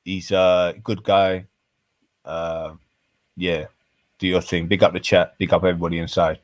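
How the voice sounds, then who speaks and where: A man's voice: low-pitched, flat delivery, normal speed, dry recording. A man arguing heatedly on a live-stream panel, swearing and full of slang. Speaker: panel guest.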